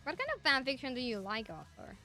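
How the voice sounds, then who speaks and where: Bright young woman, Spanish accent. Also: sits high, big pitch swings, brisk, faint music behind. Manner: enthusiastic, rambling. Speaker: streamer. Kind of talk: casual chat with viewers.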